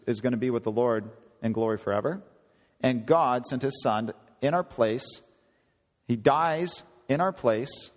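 A man preaching a conversational sermon, often climbing higher in pitch for emphasis. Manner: conversational, animated, rising to high emphasis. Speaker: pastor. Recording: long hall reverb.

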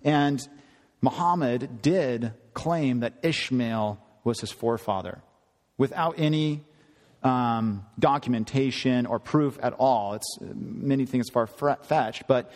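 A man preaching a sermon, retelling a scripture story with lively acted-out voices. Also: medium pitch, slow pace, long reverb tail. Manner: animated storytelling, acting out quoted voices.

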